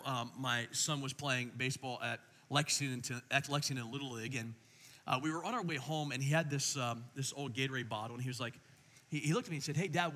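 A middle-aged man preaching a sermon as pastor, telling stories in an animated way and swinging between quiet and loud. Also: sits high, long reverb tail.

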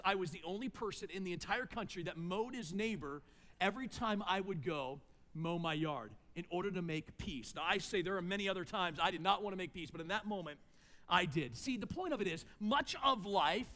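Male pastor, high voice, storytelling sermon with humorous asides, long hall echo. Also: brisk, bright, forceful tone. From United States.

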